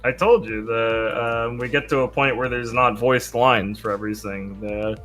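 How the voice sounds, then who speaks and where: A man's voice: mid-range voice, steady tone, moderate pace, a bit bright, soft background music. A man chatting casually and swearing freely as a co-streamer, frank and joking, and sounding tired. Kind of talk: casual chat while watching a stream.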